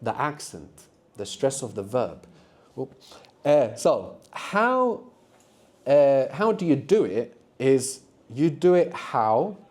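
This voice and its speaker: A man's voice: medium pitch, lively intonation, slow, mellow. A man teaching a live beginners' language workshop to students in a classroom, patient and encouraging, explaining step by step. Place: university classroom.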